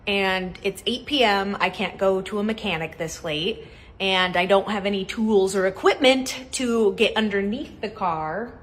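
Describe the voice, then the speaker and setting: A woman's voice: medium pitch, a little slow. A woman narrating a casual vlog in a wry, self-mocking way.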